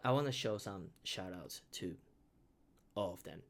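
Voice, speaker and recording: Halting, earnest man reacting on camera. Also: deep voice, lively intonation, gravelly, a little hiss or hum. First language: Mandarin Chinese. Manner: halting, many restarts and repeated words; earnest, heartfelt. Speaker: beatboxer reacting to videos. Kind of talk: casual reaction commentary.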